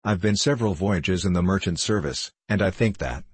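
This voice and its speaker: A man's voice: deep voice, brisk, breathy edge, no room sound. A man voicing a polite, earnest young man seeking a whaling berth in an audiobook, answering respectfully.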